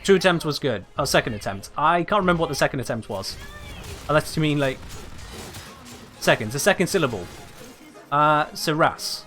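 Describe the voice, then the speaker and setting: A man's voice: on the high side, expressive, brisk, pauses often. A man streaming a video game live, chatting casually and musing aloud to his viewers about how to pronounce a name. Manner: chatty, muses aloud, keeps asking viewers about a pronunciation. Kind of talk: casual live-stream chat while gaming. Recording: game music loud behind the voice. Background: game music.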